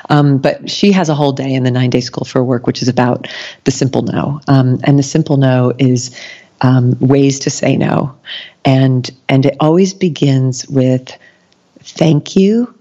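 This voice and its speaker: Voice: medium pitch, fairly even intonation, a little slow, dark tone. A podcast guest talking casually, rambling with many ums and restarts and acting out quoted lines. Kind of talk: casual conversation. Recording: dull lo-fi sound.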